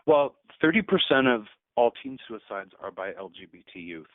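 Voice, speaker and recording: A man's voice: medium pitch, big pitch swings, moderate pace, no echo. A man in his fifties, a teacher and guest on a radio show, speaking earnestly and at times choked up. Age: 50s. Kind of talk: emotional radio interview. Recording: tinny phone line.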